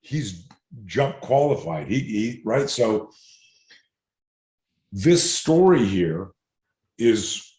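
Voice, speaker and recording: A man who teaches self-defense, telling stories in an interview in an animated, digressive way. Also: lowish voice, drawn-out words, long pauses. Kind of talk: storytelling interview answers. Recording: roomy echo.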